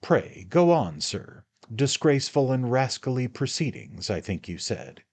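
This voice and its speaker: A man voicing a pompous lawyer who speaks with stiff, mocking politeness, in a husky audiobook reading. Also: medium pitch, big pitch swings, measured pace, darkish tone, pitched above the performer's own voice. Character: pompous, smug male lawyer. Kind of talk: audiobook character voice.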